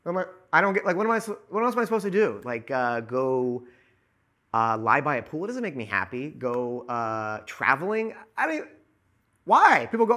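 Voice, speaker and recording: A man talking as a podcast guest in casual chat, ranting in an animated, profane way. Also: medium pitch, normal speed.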